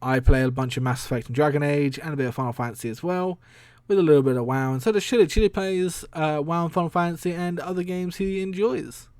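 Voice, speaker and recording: A man's voice: on the high side, fast, few pauses, darkish tone, dry recording. A man hosting a casual solo stream, rambling and chatty, laughing often and swearing casually. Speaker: streamer and podcast host.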